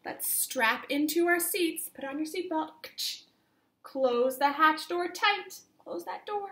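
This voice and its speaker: A woman teacher reading a picture book aloud to young children, counting along slowly in a sing-song voice. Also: sits high, lively intonation, sharp tone, slight background noise.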